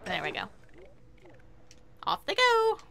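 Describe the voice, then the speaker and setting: A woman chatting casually while playing a video game, excitable and quick to swear and laugh. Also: extremely high pitch, creaky. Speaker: game streamer. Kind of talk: casual gameplay commentary.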